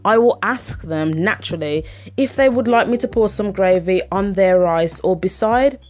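A woman's voice: mid-range voice, normal speed. A woman telling a casual personal anecdote in a chatty, rambling way, full of fillers. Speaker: storyteller.

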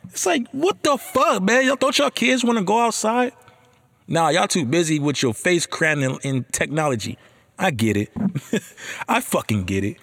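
A man in his thirties hosting a casual monologue. He talks in an animated, slangy way and swears a lot. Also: fairly high pitch, moderate pace.

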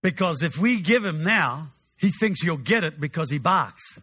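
A male pastor preaching with a humorous, animated storytelling manner, often restarting his sentences. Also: fairly high pitch, normal speed, husky. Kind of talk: sermon storytelling.

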